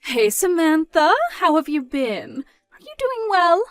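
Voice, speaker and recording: A woman's voice: very animated, a little slow, no room sound, clean studio sound, soft background music, heavily acted. A woman voicing a scornful, controlling mother. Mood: pushy. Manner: mocking, loud, rising in pitch when scolding. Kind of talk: dramatized story narration.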